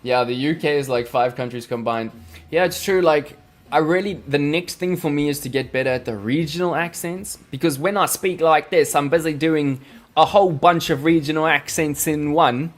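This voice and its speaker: A man hosting a casual live stream, teaching chart reading in a playful, jokey, chatty way with lots of fillers. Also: medium pitch. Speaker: crypto trading livestream host. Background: faint background music.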